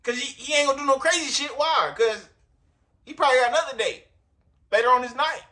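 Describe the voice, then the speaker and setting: A man's voice: very high-pitched, fairly quick, bright, forceful tone. A man doing casual reaction commentary to camera, rambling and profane, talking straight to his viewers. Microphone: recording himself on camera.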